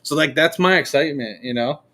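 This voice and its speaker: A man's voice: fairly high pitch, a little fast. A man telling a story in a casual podcast chat, swearing freely and acting out what people said. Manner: animated, profane, acts out quotes.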